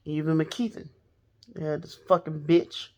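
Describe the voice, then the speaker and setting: A woman's voice: low-pitched, steady tone, measured pace, warm tone. A woman telling a personal story straight to her viewers in a casual, blunt, profane way. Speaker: storytelling vlogger.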